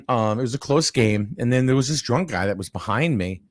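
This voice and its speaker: A man casually chatting and telling a story with lively energy, acting out the people in it. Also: mid-range voice, normal speed, dry recording. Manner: animated storyteller, acts out quoted people loudly.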